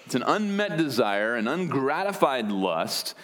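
A man's voice: mid-range voice, sing-song, measured pace, a bit bright. A man preaching an earnest expository sermon, explaining word meanings with wry asides. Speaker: pastor.

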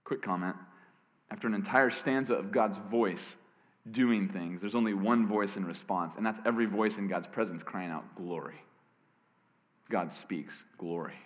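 A man preaching a sermon as pastor, his voice hoarse, gravelly and scratchy from cheering, swinging between loud emphatic bursts and hushed lines. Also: on the low side, moderate pace. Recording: long reverb of a large hall.

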